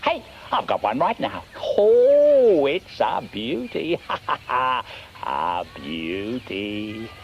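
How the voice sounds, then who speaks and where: A man's voice: a little high, wildly swooping pitch, takes it slowly, gravelly, exaggerated voice. A man with an Australian accent voicing a grumpy, boastful snail puppet who drawls and grumbles in a children's show. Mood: smug. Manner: grumbling, drawling, self-satisfied. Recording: muffled hissy old VHS tape.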